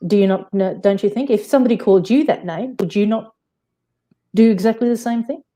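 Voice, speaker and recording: A woman's voice: mid-range voice, fairly quick, mellow. A woman with an Australian accent, a guest on a live-stream panel, arguing insistently with many restarts. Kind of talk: heated casual argument.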